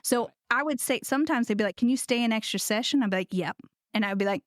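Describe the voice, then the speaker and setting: Lively, high-voiced Southern-tinged American woman. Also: fast talker, no echo, clean studio sound. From United States. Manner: animated, jokey, slips into put-on voices. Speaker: guest ceramicist. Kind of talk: casual conversation.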